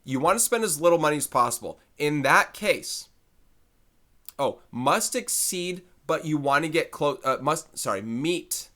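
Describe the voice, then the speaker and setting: A man's voice: on the high side, lively intonation, a little slow, sharp tone. A man teaching a recorded math lesson, thinking aloud in a loose, conversational way and correcting himself as he works through a problem.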